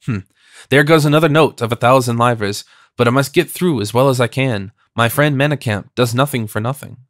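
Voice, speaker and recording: A man's voice: mid-range voice, fairly quick, a bit bright, no room sound, studio quality, close to an everyday voice. A man reading an audiobook, voicing a polite, scheming young nobleman.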